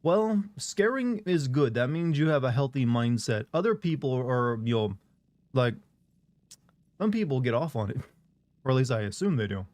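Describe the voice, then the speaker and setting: A man's voice: mid-range voice, lively intonation, moderate pace, long pauses, darkish tone, dry recording. A man streaming a game, chatting casually and rambling as he reads and answers chat messages.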